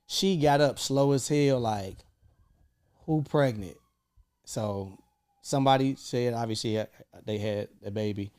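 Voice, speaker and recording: Young guy, podcast co-host; loose, profane storyteller who jumps up high when quoting people. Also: normal speed, smooth. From Chicago. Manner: animated, swearing, acts out quoted lines with big jumps in pitch. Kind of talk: casual storytelling chat.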